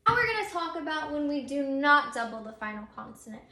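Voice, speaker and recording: Her pitch swings widely as this high, bright-voiced teacher briskly explains spelling rules in a recorded grammar lesson. She's patient and methodical, with frequent ums, and the room has a noticeable echo.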